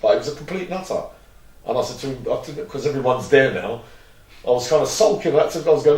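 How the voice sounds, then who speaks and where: A man's voice: medium pitch, expressive, quick pace, a little mellow, distant mic. A man, an interview guest telling long, rambling stories and acting out what others said. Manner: rambling, acts out quoted dialogue. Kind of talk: candid storytelling interview. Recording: roomy echo, mic set back.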